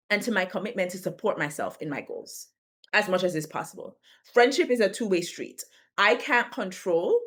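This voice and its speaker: A woman in her thirties talking casually to camera, chatty and quick to laugh, often repeating words as she rethinks a sentence, with slangy turns of phrase. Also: on the low side, a bit bright. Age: 30s. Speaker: video creator. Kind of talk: casual direct-to-camera talk.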